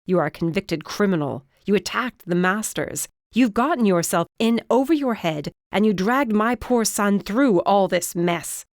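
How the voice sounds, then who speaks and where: A woman's voice: mid-range voice, lively intonation, normal speed, few pauses, no echo, studio quality, voice pushed up, lightly acted. A woman voicing a stern, disapproving middle-aged witch mother with a clipped, imperious manner in an audiobook. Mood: scornful.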